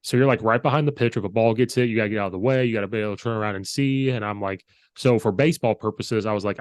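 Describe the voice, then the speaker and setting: Male host, slightly low voice, casual storyteller who acts out dialogue, dry close sound. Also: racing, no room sound. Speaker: podcast host and high school coach. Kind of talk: casual chat.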